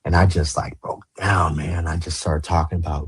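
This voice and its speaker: A man's voice: very deep voice, level tone, normal speed, hardly any pauses, slightly rough. A man telling his life story as a podcast guest, blunt and profane, acting out past conversations in quoted lines. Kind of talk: candid storytelling in a podcast interview.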